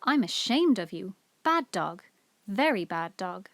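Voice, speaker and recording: A woman voicing a bold, quick-tempered tomboy girl who talks in a raised, urgent voice. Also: a little high, very animated, darkish tone, no echo, voice pushed up.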